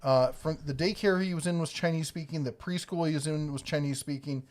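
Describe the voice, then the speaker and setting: A middle-aged man hosts a relaxed home livestream with his wife, spinning family anecdotes and reading out viewer comments. His voice sits a bit high for a man. He chuckles easily as he talks. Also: a little fast. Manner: storytelling, chuckles often. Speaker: livestream co-host.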